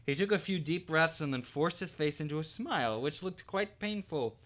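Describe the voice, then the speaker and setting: A man, an art teacher, reading a children's storybook aloud in an expressive, playful way. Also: a little high, normal speed.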